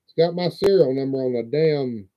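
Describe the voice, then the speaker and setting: A man's voice: mid-range voice, moderate pace. A man hosting a livestream, talking in a folksy, profane, rambling way. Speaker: livestream host. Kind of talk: casual livestream show-and-tell. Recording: dull lo-fi stream audio.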